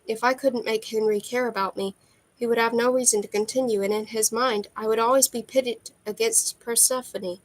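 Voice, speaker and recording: A woman reading a novel aloud in steady first-person narration, with occasional slips. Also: a little high, moderate pace, rough recording. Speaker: amateur reader.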